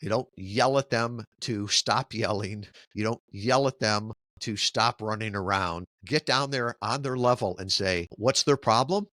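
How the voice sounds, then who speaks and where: A middle-aged man answering interview questions in a lively, storytelling way, often checking in with "right?". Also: fairly low pitch, unhurried, few pauses, no room sound, studio quality. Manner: animated storyteller who keeps asking "right?". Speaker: podcast guest, marketing company founder.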